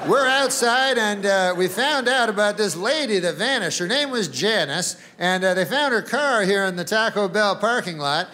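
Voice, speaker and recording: A man's voice: sits high, expressive, moderate pace, hardly any pauses, pushed and bright. A man voicing a clueless, chatty male TV field reporter who rambles and loses his thread. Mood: breezy. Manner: breezy, rambling, loses track mid-sentence.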